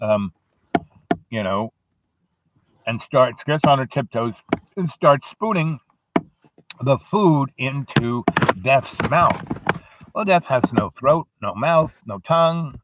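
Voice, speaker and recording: A man's voice: medium pitch, heavy background noise. Man telling a rambling story. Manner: meandering, lots of fillers and asides.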